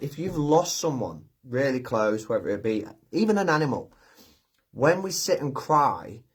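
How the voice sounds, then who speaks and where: A man hosting a live chat, talking gently and from the heart with many pauses and restarts. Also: a little high, husky. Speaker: live stream host. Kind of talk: casual live chat, reading viewer comments.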